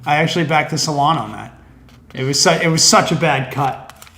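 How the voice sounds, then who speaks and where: High-voiced rambling comedian. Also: male voice, brisk, creaky, sharp tone, slight background noise. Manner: rambling, profane, full of fillers. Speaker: stand-up comedian, podcast guest. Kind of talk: casual comic storytelling. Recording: roomy echo.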